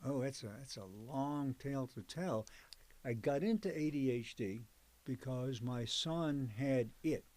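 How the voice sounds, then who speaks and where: Speaking unhurriedly in a mid-range, darkish voice, an older psychologist and professor recalls his career for an oral history interview. He tells his story conversationally, digressing often and using fillers.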